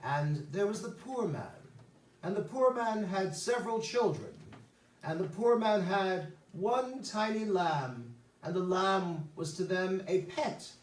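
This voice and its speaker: A man's voice: sits high, lively intonation. A man telling the lines of a solemn old prophet. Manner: storytelling, measured. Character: male biblical prophet telling a parable, solemn. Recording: roomy sound from a distance.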